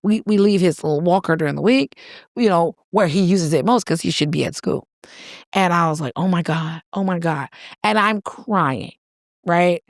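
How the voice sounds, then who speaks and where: A woman in her thirties co-hosting a casual chat, telling a lively story and acting out the voices. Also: lowish voice, moderate pace, creaky, no echo, studio quality. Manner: animated storyteller, acts out voices and cries. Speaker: podcast co-host.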